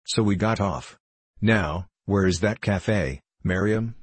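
A man voicing a burly, arrogant middle-aged businessman who talks in a hearty, gruff way. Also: on the low side, slow pace, dry recording. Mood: bluff hearty.

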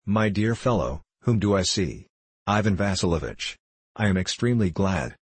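A man voices an effusive elderly landowner who calls everyone darling and angel. The voice sits very low with a husky grain. It is a dry, close audiobook play reading. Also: expressive, moderate pace, no room sound. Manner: showers everyone with pet names. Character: effusive elderly male landowner, gushing and fussy.

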